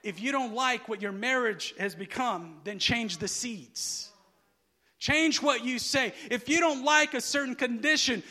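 A man preaching a sermon, asking the listeners to fill in words and swinging between quiet, low asides and loud, shouted emphasis. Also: animated, unhurried. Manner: asks the crowd to finish his sentences.

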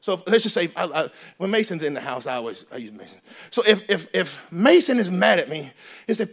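A man preaching a sermon as pastor in a church, animated and joking, switching between loud emphasis and quiet asides. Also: sits high, fairly quick, breathy edge. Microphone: handheld microphone.

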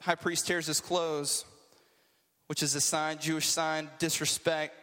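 A man's voice: fairly high pitch, little pitch movement, a little slow, sharp tone, long reverb tail. A man preaching a casual, conversational sermon to a group, with joking asides.

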